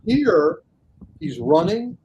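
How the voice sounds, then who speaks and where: A man talking casually as a guest critic on a video call, animated and acting out reactions. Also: high-pitched, drawn-out words, muffled recording, noisy background. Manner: animated, acts out imagined reactions. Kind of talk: casual panel chat.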